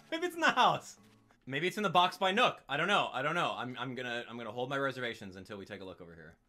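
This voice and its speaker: A man giving live commentary on a game stream, excitable and exclaiming as he rants in frustration. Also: medium pitch, very fast, faint music behind.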